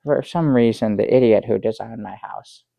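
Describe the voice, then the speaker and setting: An actor playing a bumbling middle-aged guest who rambles through a tall tale with many restarts, in improvised sketch comedy. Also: male voice, medium pitch, normal speed, gravelly, dark tone, no room sound, lightly acted. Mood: dry, halting. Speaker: guest on a comedy talk show.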